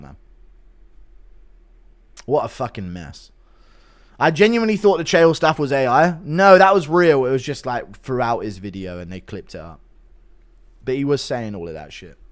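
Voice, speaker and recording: A man live-streaming, reading out donations and joking crudely, laughing often. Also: mid-range voice. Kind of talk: casual chat.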